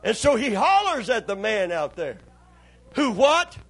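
A man's voice: high-pitched, big pitch swings, measured pace, fairly bright tone, no echo. A man preaching a sermon as pastor, folksy and impassioned.

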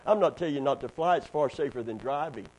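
A middle-aged man, preaching a sermon with call-and-response to the congregation and building to loud, fervent delivery. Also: mid-range voice, fast talker, rough recording. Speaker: pastor.

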